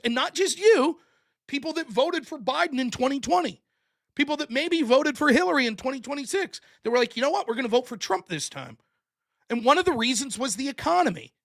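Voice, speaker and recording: A man's voice: very high-pitched, pushed and bright. A man hosting a show, delivering a blunt, profane, sarcastic political commentary rant. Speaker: show host.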